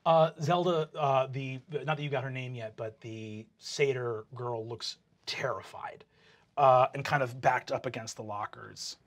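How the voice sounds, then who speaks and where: A man running a tabletop game as game master, narrating casually and calling for dice checks. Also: mid-range voice. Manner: quick, casual narration with fillers.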